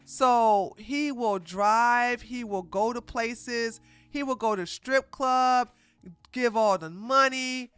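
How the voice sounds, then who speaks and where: A woman hosts a casual commentary stream, reacting with animated mockery and laughter. Her voice is bright and sharp, and she takes her time. It sits close and dry, with faint music behind. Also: on the high side, slow, smooth, no room sound. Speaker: commentary host.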